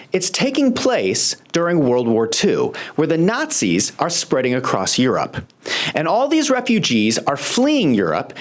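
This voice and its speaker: A host delivering political commentary in a sarcastic, pointed manner. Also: medium pitch.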